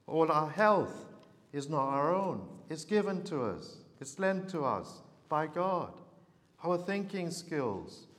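Male preacher in a reverberant hall. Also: a little high. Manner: unhurried storytelling, earnest. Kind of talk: sermon.

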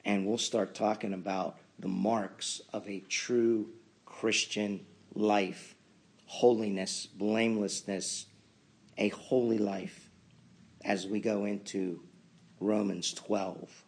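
A man preaching a sermon as pastor, building to emphatic loud peaks and then dropping to quiet asides. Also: on the low side, level tone, slow, husky.

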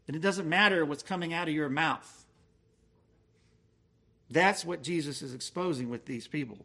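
A man's voice: on the high side, bright, forceful tone. Emphatic man preaching a sermon. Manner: emphatic, slows to stress key words. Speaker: pastor. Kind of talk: expository sermon.

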